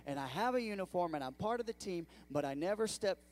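A fairly high-voiced man preaching in a church, his delivery lively and swinging from hushed asides to loud exclamations. He keeps calling out to the congregation as he goes. Now and then he drifts a little away from the mic. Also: quick pace, slight background noise. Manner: animated preaching with audience call-outs. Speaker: pastor. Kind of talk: sermon. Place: church sanctuary.

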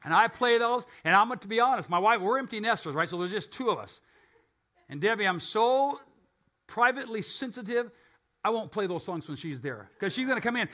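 A man's voice: sits high, expressive, a little fast, bright, forceful tone. An older man preaching a conversational sermon as pastor, often asking and answering his own questions.

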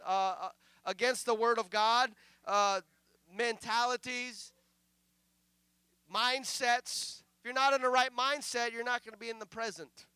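A male pastor preaching a sermon in a conversational style that swells into loud declarations, sometimes dropping to a mumble to act out a distracted prayer. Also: very high-pitched, steady tone, measured pace, clear, resonant tone, no room sound. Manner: acts out mumbled prayers in a quiet aside voice.

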